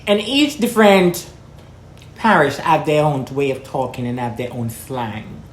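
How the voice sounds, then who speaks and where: A woman's voice: a bass voice, big pitch swings, a little slow, roomy sound, a little hiss or hum. A woman from Jamaica with a Jamaican accent, talking frankly and rambling to her viewers in a casual vlog. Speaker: vlogger. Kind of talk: casual talk to camera.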